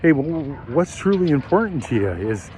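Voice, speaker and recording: A man who manages car sales, coaching on a walk and acting out phone calls in lively bursts. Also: a little high, a little hiss or hum. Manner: animated, acts out phone calls in quick bursts. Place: outdoors while walking.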